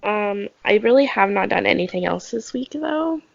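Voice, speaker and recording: A woman's voice: mid-range voice, animated, normal speed, gravelly. A young woman co-hosting a podcast in casual chat, a little congested from a cold, laughing easily. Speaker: podcast co-host. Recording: dull lo-fi podcast audio.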